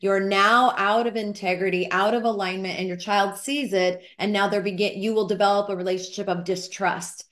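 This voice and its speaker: A woman's voice: mid-range voice, steady tone, moderate pace, few pauses, a bit bright. A middle-aged woman on a faith-based panel, giving earnest, emphatic advice in a conversational discussion.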